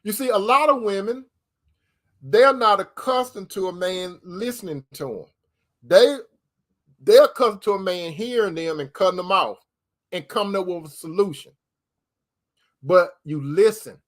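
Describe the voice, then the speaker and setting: A man hosting an advice talk in a preacherly way, calling listeners brother and stretching key words slowly. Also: sits high, a bit bright. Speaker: host giving relationship advice. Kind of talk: preacherly advice talk reading viewer comments.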